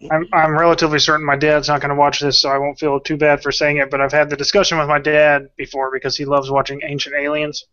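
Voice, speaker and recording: A man co-hosting a podcast in casual chat, halting with many restarts and chuckling a lot. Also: a little high, level tone, bright, forceful tone, highs cut off. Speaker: podcast co-host. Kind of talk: casual group chat on a video call.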